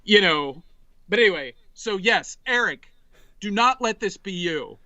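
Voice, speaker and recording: High bright guy in his 40s rambling thru a funny story on a podcast, dry close sound. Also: measured pace, no room sound, lo-fi sound. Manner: animated, rambling storyteller with many restarts. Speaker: podcast guest. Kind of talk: casual storytelling chat.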